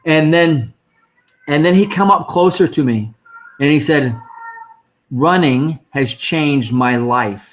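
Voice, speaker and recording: A man's voice: a little high, slow pace, pauses often, dull audio. A man, a guest speaker at a fundraising live stream, telling a personal story in a conversational way and quoting the people in it. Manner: conversational, vivid retelling with quoted dialogue.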